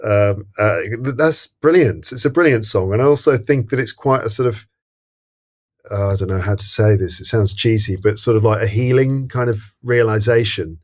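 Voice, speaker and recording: Male podcast guest, lowish voice, thoughtful and hesitant, casual chat. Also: normal speed. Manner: thoughtful, hesitant, searches for words. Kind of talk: casual film-discussion chat.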